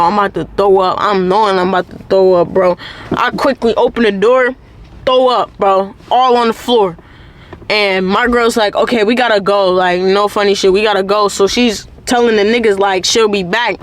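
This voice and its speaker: A woman's voice: mid-range voice, fairly bright tone. Slangy woman telling a story. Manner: slangy, profane, constant "like" fillers. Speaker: channel host. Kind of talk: casual story-time monologue.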